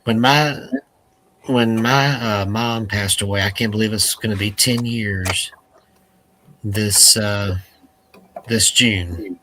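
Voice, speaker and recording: A man hosting a casual conversation, recounting personal memories in a reflective, unhurried way. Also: on the low side, fairly even intonation, sharp tone, a little hiss or hum, poor audio.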